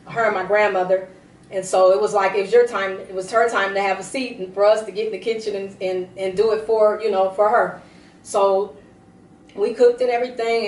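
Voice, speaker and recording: A woman's voice: mid-range voice, recorded from a distance, a little hiss or hum. Woman, tearful testimony, rambling, roomy sound, off-mic. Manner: rambling, emotional storytelling with many restarts. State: teary. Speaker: prophetess broadcasting a service. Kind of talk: personal testimony.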